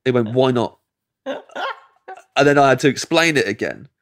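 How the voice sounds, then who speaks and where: An English comedian telling a long anecdote as a podcast guest, acting out the people in it and laughing mid-sentence. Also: male voice, medium pitch, normal speed. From England. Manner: animated, acts out quoted voices, laughs mid-sentence. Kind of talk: storytelling anecdote.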